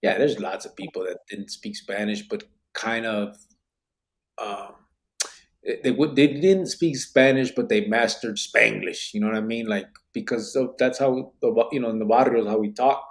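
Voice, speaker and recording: This man's voice sits on the low side and moves at a normal speed. He hosts a podcast, reading live comments in an easygoing way, laughing a lot and slipping in Spanish and barrio slang.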